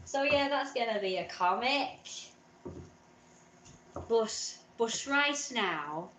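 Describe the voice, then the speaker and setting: A woman's voice: fairly high pitch, animated, slow pace, a bit bright, slight background noise. A woman chatting casually in a vlog, rambling and self-deprecating. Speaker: vlogger.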